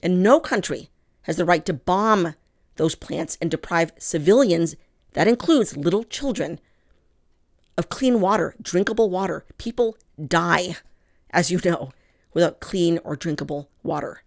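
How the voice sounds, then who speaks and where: At a measured pace and in a lowish voice, a woman gives a political commentary monologue to camera. She pushes her points with heavy emphasis and strong feeling, speaking to her listeners as "people."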